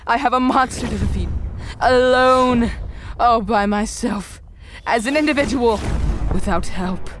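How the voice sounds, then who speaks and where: A woman voicing a cocky young male superhero who insists on fighting alone and shouts his own sound effects. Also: a little high, a little slow, slight background noise, close to an everyday voice. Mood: stubborn. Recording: loud music behind.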